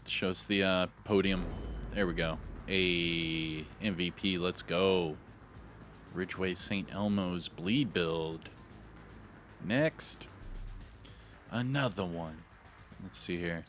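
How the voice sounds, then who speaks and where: A man's voice: low-pitched, steady tone, slow, fairly bright tone, soft background music. A man giving live, hyped, slangy commentary over his own gameplay, talking to himself as he plays. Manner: hyped, slangy, talks to himself while playing. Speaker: gaming YouTuber.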